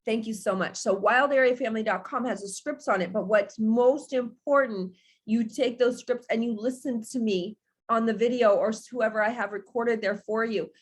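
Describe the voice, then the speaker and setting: A woman with a fairly high voice coaches her sales team in a loose, chatty talk. She laughs often and speaks straight to her listeners, telling her story with plenty of energy. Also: normal speed. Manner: chatty and animated, laughs often, addresses "you guys". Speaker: direct sales business coach.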